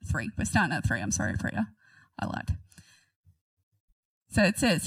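A woman's voice: fairly low pitch, very animated, unhurried, creaky, long pauses, husky, no echo, recorded from a distance, low-quality recording. A woman reading a Bible passage aloud and commenting on it in a chatty, giggly way. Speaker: Bible teacher.

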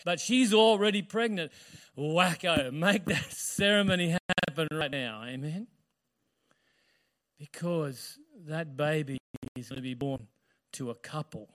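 Brief: male pastor, high voice, lively storytelling sermon full of questions. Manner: storytelling, animated, asks the audience questions.

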